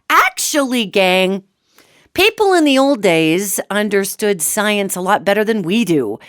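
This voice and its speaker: Middle-aged woman host with a hoarse, cold-roughened voice. Chatty and animated, mid-pitched, recorded dry. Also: moderate pace, no echo. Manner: chatty and animated, addresses listeners as "gang". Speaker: radio show host. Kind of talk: solo talk-show monologue on metaphysics.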